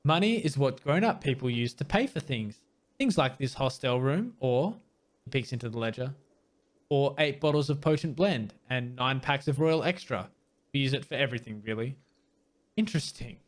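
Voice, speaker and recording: A man's voice: medium pitch, animated, moderate pace. A man hosting a let's play, reading game dialogue aloud and breaking in with wry asides, sometimes tripping over hard words. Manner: reads text plainly, mixed with wry asides.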